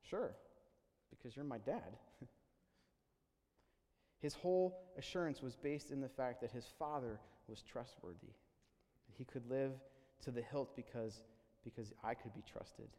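A male pastor delivers a sermon in an earnest, halting way, repeating words as he restarts. His voice sits in an ordinary middle register. A long reverb from the church hall trails behind every phrase. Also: mid-range voice, warm tone.

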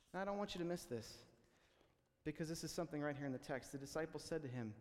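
A man delivers a sermon in an easygoing, talky way, stumbling over restarts and fillers before climbing into animated, urgent outbursts. His voice sits a little high for a man. The sound rings with the long reverb of a large hall. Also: fast talker. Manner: conversational preaching, many fillers and restarts, rising to excited exclamations. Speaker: pastor.

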